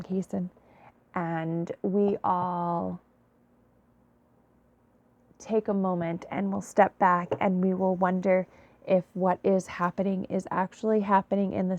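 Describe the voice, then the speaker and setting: A tired woman giving a late-night intuitive reading to her viewers, soft-spoken and apologetic. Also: on the low side, highs cut off. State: tired, yawning. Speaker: intuitive reader.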